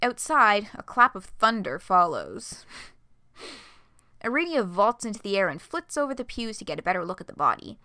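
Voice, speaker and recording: A woman's voice: mid-range voice, very animated, moderate pace, sharp tone, dry recording, studio quality. A young woman live-streaming a read-aloud of a fan story, swearing, laughing and gushing between passages.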